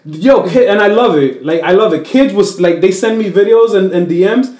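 A man's voice: sits high, normal speed, few pauses, reverberant. A Dominican-born comedian chatting casually in an interview, switching between English and Spanish and putting on voices as he tells stories. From Dominican Republic. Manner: animated, puts on voices while telling stories. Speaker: comedian guest.

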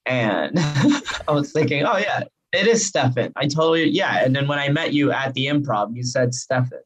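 An American stand-up comedian whose family comes from Yemen chats playfully as a guest in a casual podcast interview, laughing a lot and peppering his speech with "like." His voice is medium-pitched at a moderate pace, and the recording quality is low.

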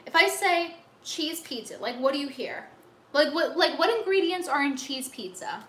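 A woman's voice: high voice, lively intonation, normal speed, a bit bright, reverberant. A young woman livestreamer ranting to her chat, exasperated, sarcastic and full of swearing.

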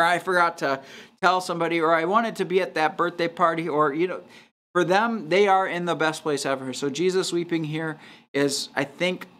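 A man, a pastor, leading a casual Bible study, reading scripture aloud and thinking out loud with frequent restarts and small chuckles. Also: on the high side. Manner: reads scripture aloud at a steady clip.

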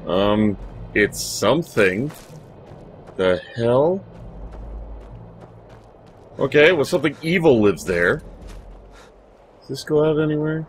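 A man's voice: medium pitch, sing-song, takes it slowly, pauses often, slight background noise. A man hosting a let's play, giving casual gameplay commentary, chatty and swearing freely as he talks to his in-game companions. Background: video game music.

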